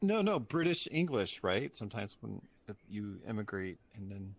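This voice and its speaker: Gravelly rambling man, lively pitch. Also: moderate pace. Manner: rambling, backtracking, nervous laughter. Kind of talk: casual chat.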